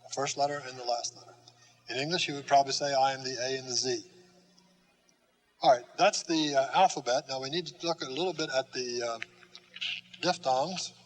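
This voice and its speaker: A man teaching a lesson at a slow, patient pace, pausing often with fillers and demonstrating sounds and letter strokes. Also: mid-range voice, poor audio. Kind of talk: classroom lesson.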